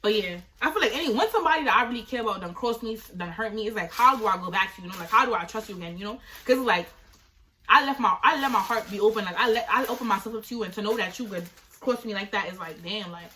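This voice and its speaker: Young woman, relaxed casual chat, fast talker, somewhat distant mic. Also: medium pitch. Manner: laid-back, many fillers, speaks to the viewers. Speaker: vlog co-host. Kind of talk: casual chat over a meal.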